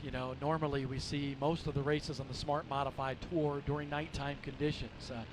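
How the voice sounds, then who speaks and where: Calling a stock car race live, this western North Carolina mountain man keeps it folksy and chatty, trading jokes with his co-host. He speaks fairly quickly at medium pitch in a level tone, over a noisy background.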